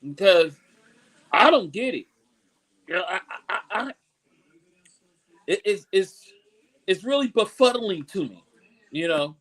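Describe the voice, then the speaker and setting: A middle-aged man, ranting about football on a casual talk show, swinging between low grumbles and loud, high outbursts. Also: lively intonation, unhurried, long pauses, poor audio. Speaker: show co-host. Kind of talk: casual sports rant.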